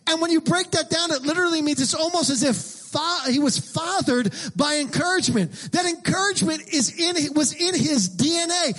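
A middle-aged man preaching a sermon as pastor, emphatic and repetitive, rising into shouted lines. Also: very high-pitched, normal speed, hardly any pauses.

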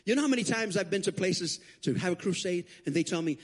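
A man preaching, his voice fairly high and a little husky. He tells stories as a guest preacher and swings up sharply whenever he acts out a quote. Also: fast. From Puerto Rico. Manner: animated, acts out quotes with big pitch jumps. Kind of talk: storytelling sermon. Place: church sanctuary.

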